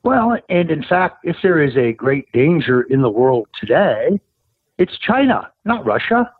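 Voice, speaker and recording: A combative man on a tinny, dry phone line hammers his points home. His voice sits fairly high and swings a lot as he presses, with a husky edge. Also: very animated, unhurried, no room sound. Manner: emphatic, combative, rising to insistent highs. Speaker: guest, political operative. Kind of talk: interview over the phone.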